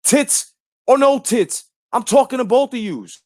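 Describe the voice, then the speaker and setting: A man's voice: extremely high pitch, a little slow, no room sound, clean studio sound. Profane ranting man in his forties. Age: 40s. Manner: profane, confrontational, animated. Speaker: YouTube channel host. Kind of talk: ranting monologue.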